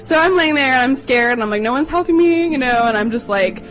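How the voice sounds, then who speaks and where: A young adult woman chattily telling a personal story to listeners, acting out the quotes in a higher voice. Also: fast, a bit bright, faint music behind, low-quality recording.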